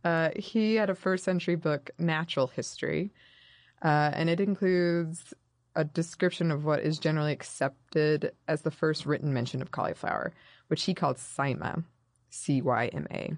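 Low-voiced woman co-hosting a chat. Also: normal speed, no room sound, clean studio sound. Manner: reads quotes in a put-on voice. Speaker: podcast co-host. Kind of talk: casual chat. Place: recording studio.

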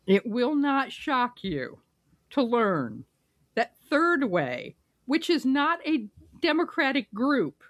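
Wry woman with an animated voice. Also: high-pitched, slow pace, no echo, studio quality. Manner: wry and sarcastic, laughs often. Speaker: podcast co-host. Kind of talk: casual political podcast banter.

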